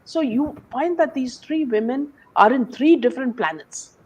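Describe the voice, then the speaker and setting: A woman's voice: high voice, expressive, moderate pace, a little mellow, husky. A woman hosting an opinionated commentary chat, talking in a scornful, rambling way full of "you know" fillers. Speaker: host.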